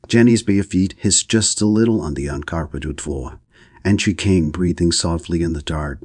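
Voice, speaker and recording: A man narrating an audiobook in a measured, even reading. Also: deep voice, husky, no room sound, studio quality. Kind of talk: scripted narration.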